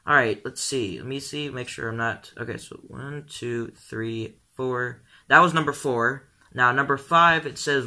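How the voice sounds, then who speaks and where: A man's voice: medium pitch, moderate pace, pushed and bright. A teenage boy vlogging casually, rambling and filling his talk with um and like. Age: teens. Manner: rambling, full of "um" and "like". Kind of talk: casual vlog commentary.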